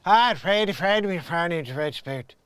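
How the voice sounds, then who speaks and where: Dude imitating a mumbly irish film rogue, slurred thick brogue, dry close voice. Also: male voice, high voice, animated, a little fast, fairly bright tone, smooth, no room sound, pitched above the performer's own voice. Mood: mumbling. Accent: mock Irish. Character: mumbling Irish traveler from a crime film, man.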